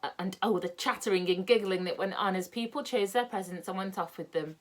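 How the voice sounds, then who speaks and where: A woman reading a children's book aloud in a lively, expressive way. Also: medium pitch, fairly quick. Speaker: storyteller.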